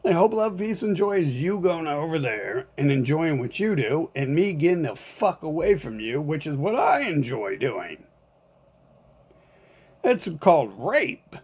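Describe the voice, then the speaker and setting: A man's voice: a little high, sing-song, normal speed, few pauses, a little mellow, husky. A man ranting in a rambling monologue, profane and agitated, speaking as an online commentator.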